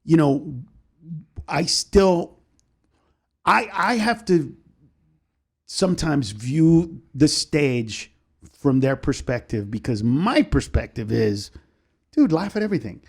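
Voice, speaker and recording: Man, comedian guest, casual podcast chat, animated storyteller, swears a lot, fairly high voice. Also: slow pace, long pauses, husky. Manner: animated storyteller, acts out other people's voices; swears freely.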